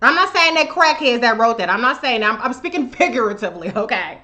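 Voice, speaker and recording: Sassy high-voiced woman ranting. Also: animated, fast, pushed and bright. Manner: sassy, emphatic, loose and profane. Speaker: live show host. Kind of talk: profane political commentary monologue.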